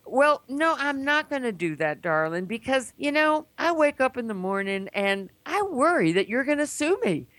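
A woman's voice: high-pitched, big pitch swings, normal speed, hardly any pauses, a bit bright, no room sound, pitched above the performer's own voice. A woman voicing a sweet-talking Southern man with a Southern accent who calls everyone darling. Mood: wheedling.

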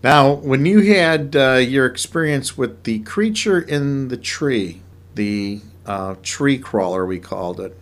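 A man hosting a talk show, asking steady follow-up questions to draw out a guest. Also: mid-range voice, slow. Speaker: host. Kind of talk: interviewing a guest.

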